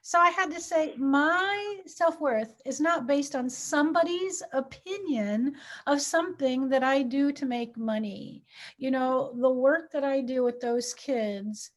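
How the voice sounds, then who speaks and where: A woman's voice: sits high, unhurried. A woman who teaches preschool and works as a hypnotherapist, chatting casually, acting out voices in her stories and laughing often. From United States. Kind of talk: casual chat.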